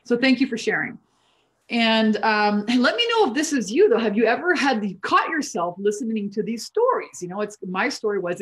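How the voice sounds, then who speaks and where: Middle-aged female business coach, Canadian-raised, emphatic and profane, live from a home office, slightly high voice. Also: very animated, normal speed. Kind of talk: live-streamed motivational talk.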